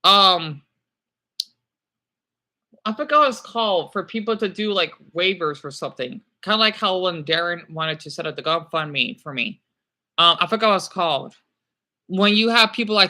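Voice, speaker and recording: Speaking a little high with a pushed, bright quality, a young man talks to livestream viewers. He wanders from point to point, apologizes, and pauses a lot with plenty of fillers.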